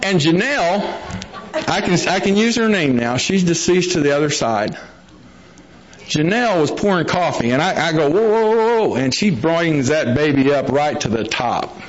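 Here a middle-aged man shares his recovery story with a crowd, keeping it humorous, homespun and straightforward. His pitch sits fairly high, his intonation is lively, and he moves at a moderate pace. The audio quality is dull and lo-fi.

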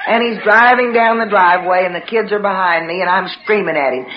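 A woman's voice: mid-range voice, fairly quick, hardly any pauses. A woman telling a personal story to a live audience, dramatically acting out the voices of her family. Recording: roomy, dull recording with background noise.

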